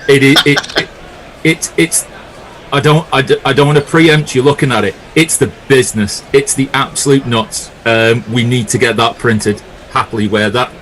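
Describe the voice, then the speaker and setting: A man co-commentating on cricket, reading listener messages in relaxed, jokey chat. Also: medium pitch, normal speed, slight background noise, rough recording.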